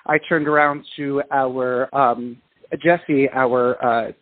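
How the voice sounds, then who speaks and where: A man from England, a singer and dancer, telling a story over the phone in an animated, self-deprecating way with frequent restarts. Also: mid-range voice, takes it slowly, no echo. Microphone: telephone. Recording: tinny phone line.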